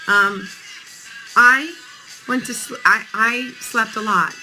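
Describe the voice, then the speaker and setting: Bright, chatty woman with a tired voice. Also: fairly high pitch, takes it slowly, pauses often, soft background music, low-quality recording. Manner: chatty, playful, reads out viewer comments. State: tired voice early in the morning. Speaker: live stream host. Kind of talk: casual live stream chat.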